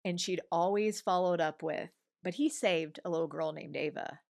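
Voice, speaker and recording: A woman's voice: fairly low pitch, moderate pace, gravelly, no echo, studio quality. A woman in her forties, a guest on an interview show, telling a personal story conversationally and acting out what others said. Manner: animated storyteller, acts out others' remarks.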